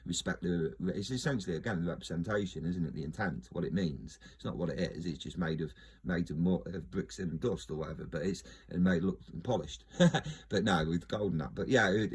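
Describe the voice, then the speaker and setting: A man's voice: low-pitched, slightly rough. A man talking in a casual, rambling monologue, joking, laughing often and trailing off mid-sentence. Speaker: video host.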